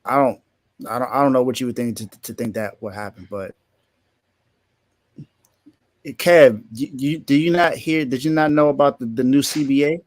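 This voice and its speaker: A man's voice: medium pitch, steady tone, a little fast, dry recording. Emphatic, repetitive sports podcast man. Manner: repeats himself, emphatic and incredulous. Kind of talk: casual sports talk.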